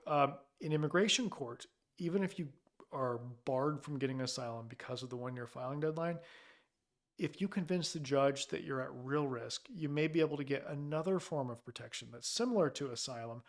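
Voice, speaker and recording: Man giving casual legal advice. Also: on the high side. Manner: conversational, with fillers and restarts, reading viewer comments. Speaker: asylum lawyer hosting a live Q&A. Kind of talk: casual live-stream advice.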